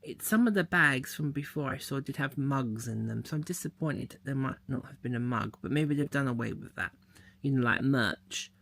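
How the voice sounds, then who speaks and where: A man's voice: medium pitch, moderate pace, vocal fry, fairly bright tone. A man chatting casually as he unboxes a mystery box, thinking aloud as he handles the packaging. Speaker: unboxing vlogger.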